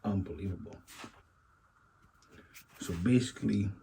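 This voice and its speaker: A man's voice: on the low side, a little slow, gravelly, dark tone, a little hiss or hum, poor audio. A man hosting a casual commentary talk, rambling and musing, circling back with repeated asides. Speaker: commentary channel host.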